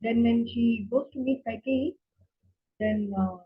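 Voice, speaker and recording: A woman telling a story to a class of children, with lots of fillers and restarts. Her voice is very breathy and husky and sits a little high. The recording sounds dull and lo-fi. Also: a little slow. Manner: animated, many fillers and restarts.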